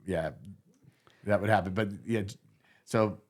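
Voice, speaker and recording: A middle-aged man telling road stories in a casual interview, rambling and animated, with lots of filler and swearing. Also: on the low side, a little slow. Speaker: guitar tech, guest telling stories.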